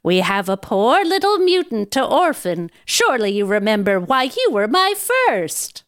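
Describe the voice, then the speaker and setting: Brief: doting elderly nanny, possessive, sugary menace, fairly high voice with swooping pitch; a woman reads her. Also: big pitch swings, a little slow, a bit bright, clean tone, no echo, clean studio sound. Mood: cloying. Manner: cloying and sweetly sinister.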